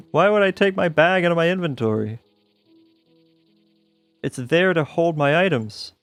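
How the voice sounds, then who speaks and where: A man's voice: on the high side, measured pace, no room sound, soft background music. Self-mocking man narrating his gameplay. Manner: self-mocking, thinking aloud, laughs at himself. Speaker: streamer playing a modded game. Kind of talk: casual gameplay commentary.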